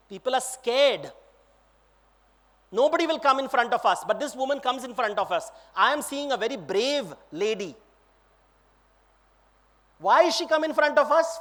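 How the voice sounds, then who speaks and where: A man's voice: extremely high pitch, a bit bright, full character voice. A man voicing a wise prince who patiently asks his brother questions and explains.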